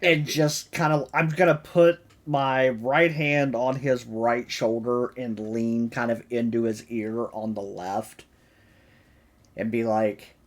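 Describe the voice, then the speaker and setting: A man's voice: mid-range voice, little pitch movement, takes it slowly. A man playing in a tabletop game, describing his moves hesitantly with many fillers. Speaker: player. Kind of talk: casual tabletop game play.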